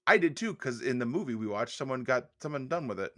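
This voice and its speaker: Bright, playful male podcast co-host. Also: mid-range voice, lively intonation, fast. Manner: playful riffing, goofy outbursts. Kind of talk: casual chat recapping a cooking show.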